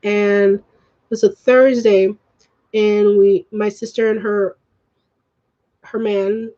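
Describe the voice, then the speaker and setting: A woman's voice: fairly high pitch, a little mellow, dull audio. A woman vlogger ranting to the camera at home, upset and swearing, slipping in Spanish phrases. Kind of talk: emotional rant to camera.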